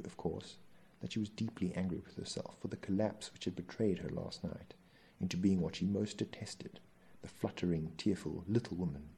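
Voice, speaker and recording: A man reading a novel aloud in measured, even storytelling narration. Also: sits low, vocal fry, husky. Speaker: audiobook narrator.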